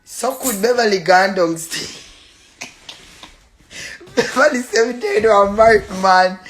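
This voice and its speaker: A woman with a Jamaican accent, a tenant loudly cursing and taunting her landlord in patois during a real-life argument, breaking into laughter between insults. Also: mid-range voice, a little slow. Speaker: tenant in a dispute.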